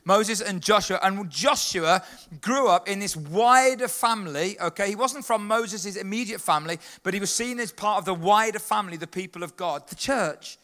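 A man leading a lively church talk, calling out to the congregation and getting them to answer back. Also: sits high, normal speed. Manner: upbeat, leads the congregation in call-and-response. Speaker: children's worker leading a church service.

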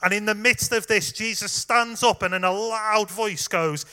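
A man's voice: high-pitched, normal speed, clean tone. A man preaching a sermon in a conversational way, speaking straight to the congregation with the odd "um". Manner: conversational, warm direct address with fillers.

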